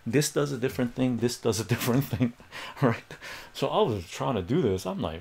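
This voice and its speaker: A man's voice: mid-range voice, expressive, a little fast, gravelly, a little mellow, slight background noise. A man on a livestream, telling a rambling personal story and chatting casually with viewers. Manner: rambling, acts out quoted voices, chats with viewers. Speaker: livestream math tutor.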